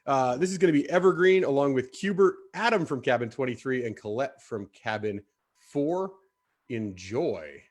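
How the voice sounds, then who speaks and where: A man hosting a live online show, upbeat and jokey, bantering quickly with his co-host. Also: mid-range voice, expressive.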